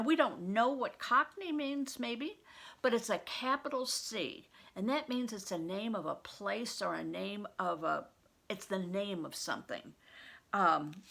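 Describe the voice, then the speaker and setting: Gravelly grandmother reading a story aloud. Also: medium pitch, fairly bright tone. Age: older. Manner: patient, explains words to children. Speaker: retired reading teacher reading aloud. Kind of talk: storybook read-aloud with teaching asides.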